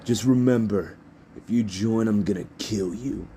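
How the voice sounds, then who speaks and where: A man's voice: low-pitched, flat delivery, normal speed, dark tone, slight background noise. A man voicing an aggressive, sneering teenage boy rival who threatens others. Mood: threatening.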